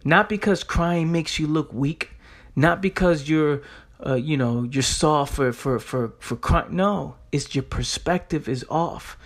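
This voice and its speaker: A man's voice: fairly high pitch, a little slow. Blunt, profane man hosting a motivational podcast. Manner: blunt, profane, keeps asking "right?"; repeats himself for emphasis. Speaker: podcast host.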